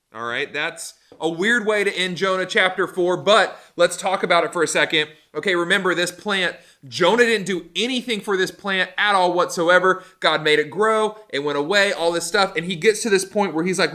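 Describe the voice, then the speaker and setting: Man, youth pastor, casual bible lesson, animated, joking, bright tone. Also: fairly high pitch, normal speed. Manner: animated, joking, conversational with fillers.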